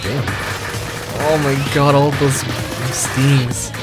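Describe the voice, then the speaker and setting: A male gamer gives a let's play commentary in a middle-range voice that sits neither high nor low. He reacts excitedly and often cries out at what happens on screen. Game music plays loudly behind him. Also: extremely slow. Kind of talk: gameplay commentary, reading dialogue aloud.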